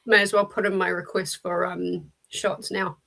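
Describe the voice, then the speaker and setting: A woman's voice: on the low side, little pitch movement, normal speed, vocal fry, bright, forceful tone, rough recording. Chatty New Zealand woman hosting. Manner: chatty, laughing storyteller. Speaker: book club host. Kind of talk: casual chat.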